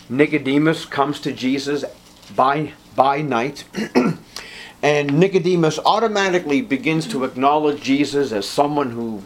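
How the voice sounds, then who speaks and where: A pastor preaching a sermon, earnest and emphatic, rising in pitch and force on key points. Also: male voice, a little hiss or hum.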